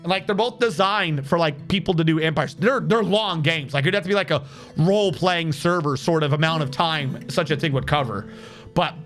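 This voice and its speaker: A man's voice: fairly high pitch, fairly quick, fairly bright tone, soft background music. A young man from Texas with a mixed Texan and New England accent, rambling and swearing casually as he chats with his stream audience. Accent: mix of Texan and New England. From Texas, born in Massachusetts. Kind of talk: casual chat while streaming a game.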